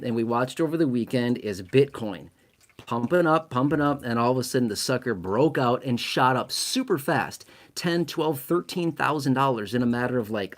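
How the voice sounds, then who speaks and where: A man giving casual money commentary to camera, emphatic and self-mocking, stacking up repeated words for stress. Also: mid-range voice. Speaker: finance commentator.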